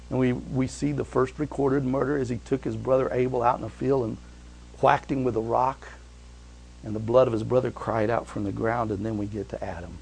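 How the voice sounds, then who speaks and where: A man preaching a sermon, retelling stories with animated swings from loud emphasis to hushed, quiet passages. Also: medium pitch, vocal fry, slightly rough, rough recording.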